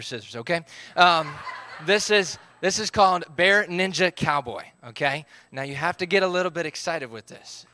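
A man's voice: high-pitched, sharp tone, no echo. A man, leading a live group game, upbeat as he calls out counts and instructions.

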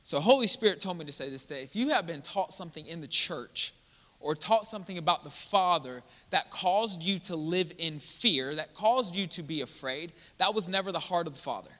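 Pastor, male, bright forceful sermon voice, reverberant sanctuary. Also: fairly high pitch, lively intonation, a little fast. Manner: earnest, building to emphatic preaching. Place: church sanctuary. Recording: church hall with long reverb.

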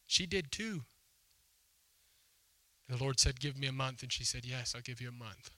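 Bright-voiced male pastor telling a story. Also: medium pitch, moderate pace, no room sound. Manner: storytelling with acted quotes, emphatic and conversational. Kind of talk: sermon. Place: church hall before a congregation.

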